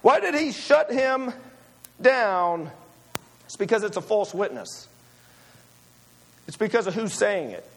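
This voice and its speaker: A man's voice: high-pitched, very animated, slow, pauses often, a bit bright. A man preaching a sermon, emphatic and full of rhetorical questions to his listeners.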